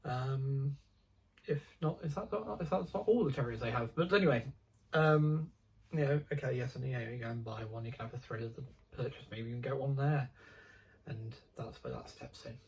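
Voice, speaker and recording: A man's voice: mid-range voice, normal speed, a little mellow, husky, rough recording. A young man chatting casually about his model railway hobby, rambling and digressive with many ums and restarts.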